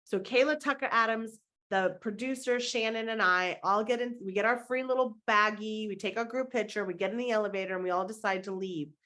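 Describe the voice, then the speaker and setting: A middle-aged woman guest on a podcast tells a story with plenty of life and often jumps into other people's voices. Her voice sits at an ordinary pitch for a woman. She talks as a mindset and manifestation coach. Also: a little fast, hardly any pauses. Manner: animated storyteller who acts out other people's lines.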